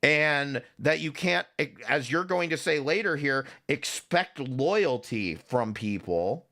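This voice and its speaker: A man's voice: on the high side, animated, takes it slowly, bright, forceful tone. A man hosting a stream, ranting profanely and sarcastically while reacting to clips. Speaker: streamer host. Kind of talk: reaction commentary.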